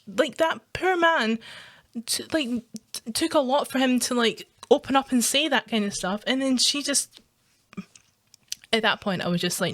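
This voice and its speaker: Laughing often and cursing heavily, a Scottish woman rants her way through reaction commentary as a video streamer. Her voice is fairly high and her pace moderate.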